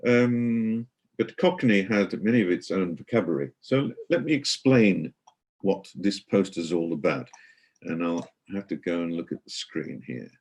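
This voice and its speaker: A man's voice: deep voice, animated, moderate pace, darkish tone, slightly rough. A middle-aged man giving an online guided tour, chatty and explanatory, with many hesitations and fillers.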